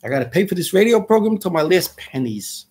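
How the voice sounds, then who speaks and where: A man's voice: sits high, big pitch swings, fairly quick, darkish tone. An older man hosting a radio show, delivering an impassioned, frustrated monologue sprinkled with Yiddish and Hebrew words. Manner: ranting, frustrated, peppered with Yiddish and Hebrew terms.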